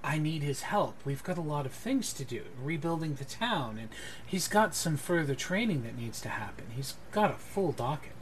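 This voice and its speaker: A man's voice: a little high, animated, normal speed, slight background noise, lightly acted. A man voicing a cheerful, sly female blacksmith mentor, speaking in a breezy, falsely polite way.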